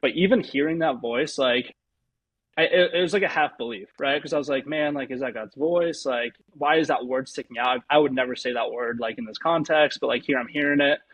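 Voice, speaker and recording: A young man, a pro baseball pitcher, telling a personal story as an interview guest, rambling with lots of fillers. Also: fairly quick, a bit bright, no echo, highs cut off.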